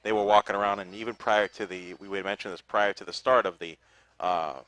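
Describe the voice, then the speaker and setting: A man's voice: lowish voice, fairly even intonation, a little fast, pushed and bright. A man co-hosting a live broadcast outdoors at a parade, reading thank-yous with many fillers. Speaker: co-host. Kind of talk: casual live broadcast chat.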